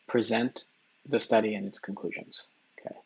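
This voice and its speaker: Low gravelly guy muttering through test questions to himself, kinda husky. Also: steady tone, normal speed, dull audio. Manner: mumbles questions half-aloud, thinking out loud. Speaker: test-taker and tutor. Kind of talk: think-aloud practice test, muttering while reading.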